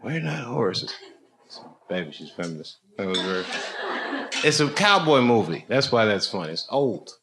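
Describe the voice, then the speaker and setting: A man's voice: fairly low pitch, big pitch swings, normal speed, noisy background. A male comedian bantering casually with fans after a show, joking and laughing often. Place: crowded room after a show.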